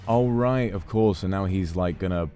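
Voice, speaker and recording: A male streamer giving animated gameplay commentary, swearing and yelling at the game. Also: deep voice, normal speed, soft background music.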